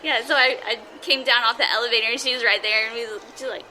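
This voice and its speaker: A woman hosting a casual roundtable chat, telling stories in an animated way with quick laughs. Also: on the high side, heavy background noise. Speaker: podcast host.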